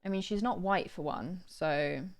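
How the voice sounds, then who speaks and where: A woman's voice: lowish voice, a little slow, no echo, studio quality. A young woman chatting casually on a live stream, playful and talkative. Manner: chatty, playful, trying out accents. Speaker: livestreamer.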